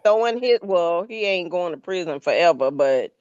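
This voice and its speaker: A woman's voice: on the low side, lively intonation, normal speed, darkish tone, clean tone. A woman talking easygoingly with family over a video call, trailing off and restarting her sentences. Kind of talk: casual family chat. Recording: dull lo-fi call audio.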